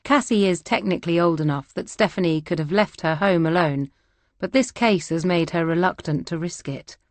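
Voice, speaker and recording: A woman reads a third-person crime thriller audiobook at a steady, measured pace. Her voice is lowish and the sound is dry and close. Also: dry recording. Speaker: audiobook narrator.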